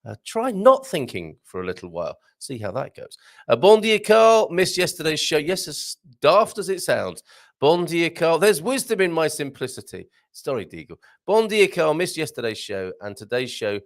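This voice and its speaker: A British man hosts a laid-back live stream from a home studio with a green screen, his voice pitched a little high and his delivery animated. He chats and rambles, chuckles often, reads viewers' comments out loud, and slowly tries out Portuguese phrases.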